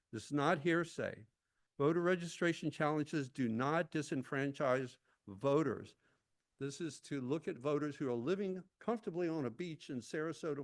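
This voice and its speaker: A man giving an intense, prepared public comment at a town hall meeting, reading his remarks with occasional asides. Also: fairly high pitch.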